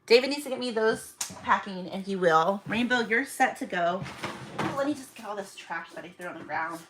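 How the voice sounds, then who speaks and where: Woman, casual vlogger, chatty and self-deprecating, mid pitch, noisy home recording. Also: animated, normal speed. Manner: chatty, self-mocking, counting aloud while packing. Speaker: small online shop owner. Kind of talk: casual vlog chat to viewers.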